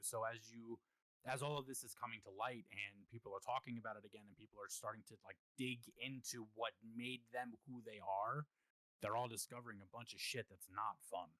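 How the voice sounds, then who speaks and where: A man's voice: medium pitch, pushed and bright, no room sound, low-quality recording. A man hosting a podcast in casual chat, earnestly explaining at length, with frequent swearing and restarts. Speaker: podcast host.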